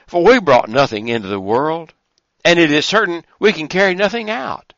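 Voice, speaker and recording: Man, preacher; emphatic sermon delivery with a lively, swinging pitch; dry, slightly dull recording. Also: normal speed, dry recording. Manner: emphatic, rising to a fervent pitch on repeated phrases.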